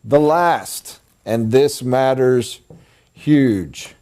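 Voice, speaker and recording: Middle-aged male sales coach lecturing a room, animated and emphatic, mellow-toned voice. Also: extremely slow. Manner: animated, emphatic, jumps to high excited pitch for emphasis. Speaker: sales trainer. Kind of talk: live training lecture.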